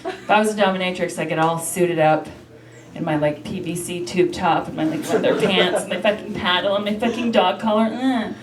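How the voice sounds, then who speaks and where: A woman's voice: fairly low pitch, a little fast. A brash, self-mocking woman from Canada, performing a stand-up set on a comedy club stage and swearing freely. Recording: echoey room from far off, loud noise.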